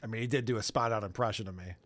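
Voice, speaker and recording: A man's voice: lowish voice, rapid-fire, a bit bright. A man hosting a podcast, commenting on clips in casual chat, often mocking and laughing. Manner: mocking, laughing, mimics voices. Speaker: podcast host.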